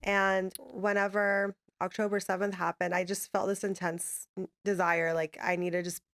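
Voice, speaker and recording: A woman hosts a podcast in a relaxed, chatty way, filling her talk with casual fillers. Her voice sits at a middle pitch. The room sounds dry and close. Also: moderate pace, no room sound. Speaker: podcast host. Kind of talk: casual interview.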